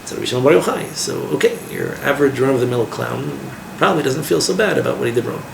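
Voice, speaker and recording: A man, a rabbi, teaching an informal class in a lively way, asking his listeners questions and using Hebrew terms. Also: mid-range voice, quick pace, creaky. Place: classroom with a small group. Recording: echoey room with background noise.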